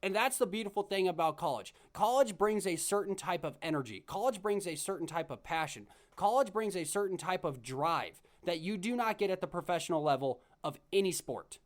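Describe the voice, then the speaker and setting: A man's voice: high-pitched, expressive, a little fast, few pauses. A young man hosting his own podcast, talking sports solo in a chatty, rambling way with frequent restarts. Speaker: podcast host.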